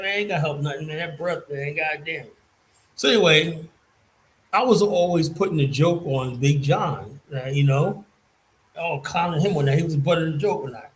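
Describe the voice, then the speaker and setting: Male streamer with a slightly high voice, rambling and profane, drops to a mutter and then punches words loud. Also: low-quality recording. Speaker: streamer and commentator. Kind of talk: casual storytelling monologue.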